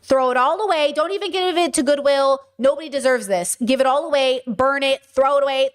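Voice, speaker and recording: A woman's voice: high voice, brisk. A woman hosting an opinionated commentary stream, talking bluntly and hammering her points home by repeating them. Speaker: streamer and host.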